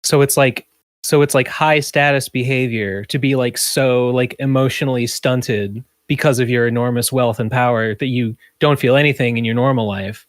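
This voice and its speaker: A man co-hosting a podcast, answering with dry, wry remarks and little fuss. His voice sits at a middle pitch and the sound is dry and close, with no room around it. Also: fairly even intonation, moderate pace, no room sound. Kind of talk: casual comedic chat.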